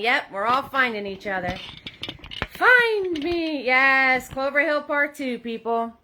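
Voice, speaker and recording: A woman's voice: a little high, sharp tone, a little hiss or hum. Bubbly chatty woman hosting a paint party. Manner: chatty, upbeat, greets viewers by name. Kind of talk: live-streamed painting class. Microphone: phone in a holder.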